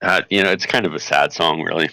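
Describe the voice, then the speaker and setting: A man calling in to a voice chat show, talking through life advice in an easygoing, halting way. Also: deep voice, steady tone, pushed and bright, no room sound. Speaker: call-in guest.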